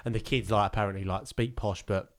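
A man's voice: fairly low pitch, fairly even intonation, fast. A young man from England, a podcast co-host telling rambling stories in casual chat. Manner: rambling storytelling with frequent laughs.

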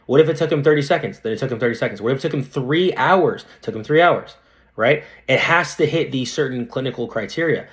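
A young male dentist chatting casually as a podcast guest, animated and slangy, often asking "right?" and calling the listener "dude". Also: mid-range voice, fast.

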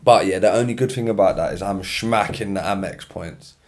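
A brisk, deep-voiced young man hosts his own solo podcast from his room, speaking into his personal mic. He's tired and yawning, but keeps up a chatty, slang-heavy ramble.

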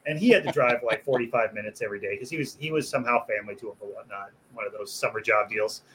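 A man's voice: fairly low pitch, quick pace, fairly bright tone, a little hiss or hum. A man who works as a butcher, telling a rowdy story in casual chat. He swears freely, laughs as he goes and raises his voice to act out what others said. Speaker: butcher and podcast guest.

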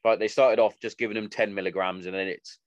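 A man's voice: fairly low pitch, fast, no room sound, muffled recording. A man chatting casually, swearing often and acting out the stories he tells. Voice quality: sweary, animated storytelling. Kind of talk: casual chat.

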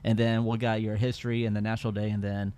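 A man hosting a podcast in casual chat, animated and laughing easily. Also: fairly low pitch, fast talker, clear, resonant tone. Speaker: podcast host.

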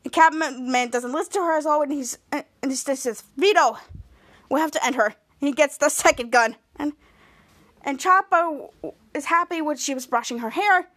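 A high-pitched woman hosts a casual podcast, recapping a TV episode and slipping into the characters' lines as she tells it. Her voice is bright and lively, and it sounds close and dry with no room echo. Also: moderate pace. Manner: lively retelling, acting out quoted dialogue. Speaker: podcast host.

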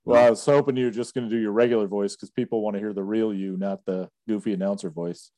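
A man's voice: on the low side, fairly even intonation, quick pace, warm tone, no echo. Easygoing co-host man, dry sound. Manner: teasing, easygoing. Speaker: podcast co-host. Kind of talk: casual podcast banter.

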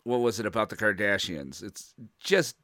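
A man's voice: lowish voice, animated, moderate pace, bright, forceful tone, no room sound, clean studio sound. Joking male podcast co-host. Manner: joking, riffs on voices. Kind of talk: casual chat.

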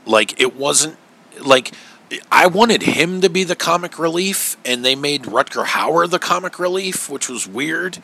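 A man's voice: on the high side, expressive, a little slow, creaky, bright, forceful tone. A man co-hosting a podcast, chatting casually and animatedly, acting out quotes and swearing freely. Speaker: podcast co-host. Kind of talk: casual chat.

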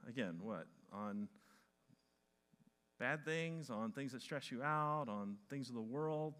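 A man preaching a sermon to a congregation, dramatizing Bible stories with animated shouts. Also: mid-range voice, takes it slowly. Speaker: pastor.

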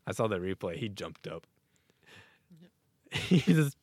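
A man co-hosting a podcast in casual chat, rambling excitedly and laughing often. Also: mid-range voice, a little slow, pauses often, dry recording, studio quality. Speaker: podcast co-host.

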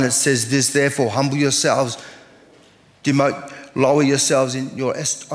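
A man, a pastor preaching an earnest sermon and reading scripture aloud. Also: mid-range voice. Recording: long hall reverb.

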